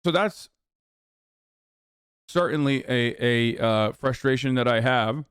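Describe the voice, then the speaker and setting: A man's voice: medium pitch, slow, fairly bright tone, smooth, no echo, clean studio sound. A man hosting a livestream who rants with heavy swearing and sarcasm while reacting to chat messages. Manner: profane, heated, sarcastic. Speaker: livestream host. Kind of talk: ranting commentary, reacting to chat.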